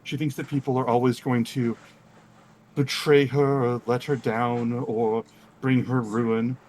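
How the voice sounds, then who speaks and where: A man's voice: mid-range voice, level tone, a little slow, darkish tone, lightly acted. A man voicing Quinn, a weary male traveler who pleads in a friendly way. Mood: pleading.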